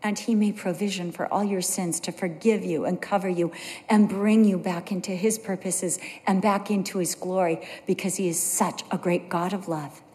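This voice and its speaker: A woman's voice: fairly low pitch, fairly even intonation, normal speed, warm tone, big-room sound. A middle-aged woman preaching a sermon, telling stories with earnest conviction. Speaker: pastor's wife preaching.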